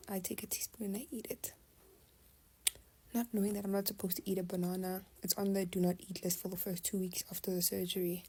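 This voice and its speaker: A young adult woman tells a personal story in a casual storytime style, confiding and animated, often dropping to a half-whisper. Her voice is fairly low, gravelly, and slightly rough, and the audio is poor.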